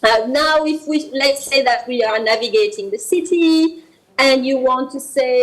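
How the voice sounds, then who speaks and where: A woman's voice: sits high, unhurried, low-quality recording. A woman with a French accent, a guest on a morning TV show, patiently teaching French phrases and repeating them for the hosts to practise.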